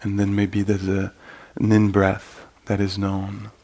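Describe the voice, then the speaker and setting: A man giving a meditation dharma talk at a retreat, halting and full of gentle fillers. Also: lowish voice, monotone. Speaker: meditation teacher.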